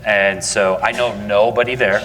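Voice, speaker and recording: Male panelist, low voice, chatty anecdote-teller; hall reverb. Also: steady tone, normal speed, fairly bright tone, soft background music. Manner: chatty storyteller, laughs at his own asides. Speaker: campaign consultant on a panel. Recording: long reverb in a large hall.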